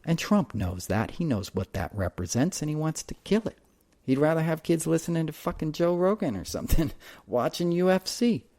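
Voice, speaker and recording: Male podcast host, mellow tone, emphatic storyteller who swears freely, no room sound. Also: a little high, big pitch swings, normal speed, dry recording. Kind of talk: casual political monologue and storytelling.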